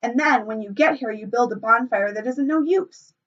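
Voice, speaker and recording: A woman's voice: fairly high pitch, moderate pace. A woman voicing a chubby, anxious schoolboy with glasses, whiny and indignant. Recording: muffled, from a distance.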